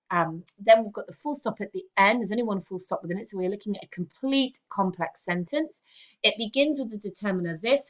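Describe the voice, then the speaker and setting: A woman English teacher talking through a lesson in a steady, explanatory way, checking in with "okay" as she goes. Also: medium pitch. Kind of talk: recorded classroom lesson.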